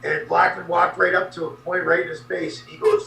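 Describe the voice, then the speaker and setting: A man's voice: high voice, flat delivery, fairly quick, creaky, sharp tone, reverberant, distant mic, poor audio. A man guest animatedly telling an anecdote in a podcast interview, adding sound effects.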